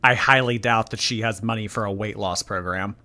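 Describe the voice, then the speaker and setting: Bright-voiced blunt male commentator. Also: on the low side, fairly even intonation, a little fast, a little hiss or hum. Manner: blunt, sarcastic, exasperated. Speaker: commentary host. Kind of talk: casual reaction commentary.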